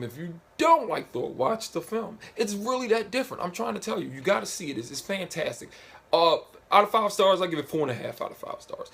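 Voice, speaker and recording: Husky-voiced man reviewing casually. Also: fairly high pitch. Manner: rambling, lots of filler phrases. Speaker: movie reviewer.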